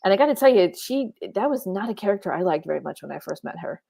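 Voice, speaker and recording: A woman co-hosting a casual fan discussion stream, animated and quick to laugh, talking on a home microphone. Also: medium pitch, vocal fry. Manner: animated, laughs often, puts on mock voices for jokes. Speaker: podcast co-host. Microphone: home mic on a video call.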